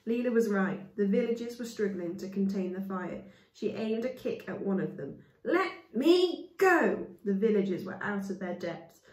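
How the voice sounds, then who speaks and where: A woman's voice: medium pitch, moderate pace, few pauses, mellow. A woman reading a storybook aloud as a storyteller, with casual asides to her listeners. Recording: echoey room, voice from far off.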